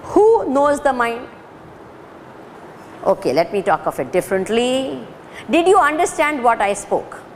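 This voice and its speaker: A woman with an Indian accent gives a spiritual talk, her higher voice rising and falling in lively swoops. She keeps asking her listeners questions and slips into Hindi now and then. Long reverb from the lecture hall carries her words, over a faint hum of ambience. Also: a little slow, pauses often. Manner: questioning the audience, mixing Hindi into English. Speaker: spiritual teacher.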